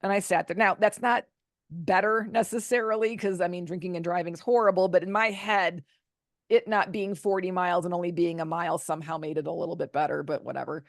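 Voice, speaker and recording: Candid and animated, a woman author being interviewed on a podcast relates a personal story, voicing the quotes herself along the way. She speaks fairly quickly in a lowish register, and the studio-quality audio has no echo.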